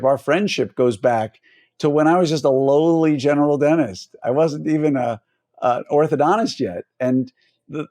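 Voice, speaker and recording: A man hosting an interview podcast, mid-pitched and chatty. He piles on praise and restarts his sentences as he goes. The sound is dry, with no room around it. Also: no room sound. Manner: warm, effusive introductions with fillers. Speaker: podcast host.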